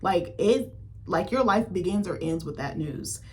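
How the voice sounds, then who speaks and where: A woman's voice: fairly low pitch, lively intonation, measured pace, a little mellow. Chatty, profane woman recapping a film. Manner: chatty, profane, heavy on fillers like "like" and "um". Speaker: film critic vlogger.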